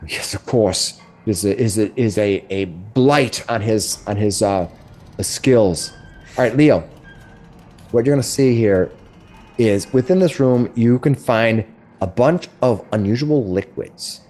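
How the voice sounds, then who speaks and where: A middle-aged man narrating as game master, describing rooms in a halting way with many restarts. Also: on the low side, warm tone.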